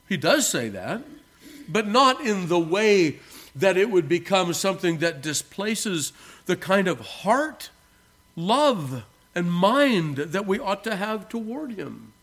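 Male pastor, sermon, fairly high pitch, earnest, emphatic, soft asides and raised phrases. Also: very animated. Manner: earnest preaching with emphatic slowdowns on key words; addresses the congregation as beloved. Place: church.

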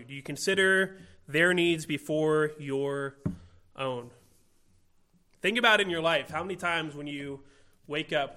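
A man preaching a sermon, earnest and steady, asking the listeners rhetorical questions and slowing down for emphasis. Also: on the high side.

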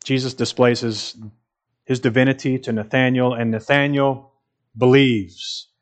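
A man's voice: mid-range voice, level tone, unhurried. A man preaching a sermon in an earnest, emphatic way, repeating phrases for stress.

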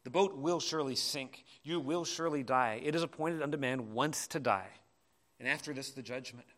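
A man preaching a sermon in a church, impassioned, swinging between urgent cries and quiet asides. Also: mid-range voice, moderate pace. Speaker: pastor.

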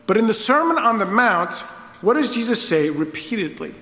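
A man's voice: high-pitched, sing-song, moderate pace, bright, forceful tone, reverberant, big-room sound. A man preaching an expository sermon, asking the listeners rhetorical questions. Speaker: pastor.

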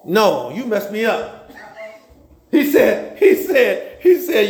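High, gravelly preacher in an echoey room. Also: male voice, slow pace, pauses often. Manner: animated, folksy storytelling with humor. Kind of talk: sermon. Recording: roomy echo.

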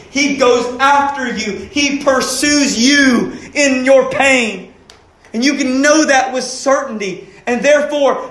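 A man's voice: very high-pitched, a bit bright, roomy sound. A man preaching a sermon as pastor, earnest and pleading, asking his listeners questions.

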